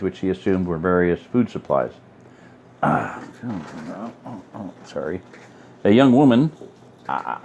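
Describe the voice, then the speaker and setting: A man reading a story aloud in a relaxed, informal way, breaking off for offhand asides and apologies. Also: sits low, highs cut off. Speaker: audiobook reader.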